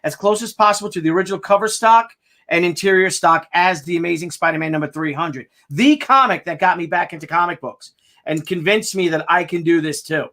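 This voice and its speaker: A man's voice: high-pitched, a little fast, bright, forceful tone. An American man hosting a casual crowdfunding update, rambling and joking, often stumbling over his words. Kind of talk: casual chat.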